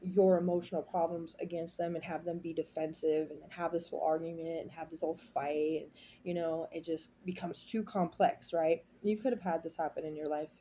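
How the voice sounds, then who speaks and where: Low, mellow-voiced woman reading tarot. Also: steady tone, fairly quick, slight background noise. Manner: rambling, heartfelt, confiding. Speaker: tarot reader. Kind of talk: casual tarot reading monologue.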